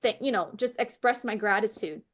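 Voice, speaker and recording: A woman with a slightly high voice recounts a turning point in her life as a podcast guest. She speaks earnestly and gratefully, scattering "like" and "you know" through her sentences. She slips into the voices of the people she quotes. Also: fairly quick. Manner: animated storyteller who acts out quoted dialogue; heavy use of "like" and "you know" fillers. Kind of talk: personal faith testimony, conversational.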